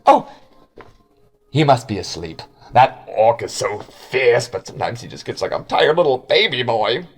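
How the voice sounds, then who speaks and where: A man voicing an excitable, chirpy male tour guide who shouts and gushes. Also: normal speed, breathy edge. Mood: gushing. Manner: shrill, giddy, shouting.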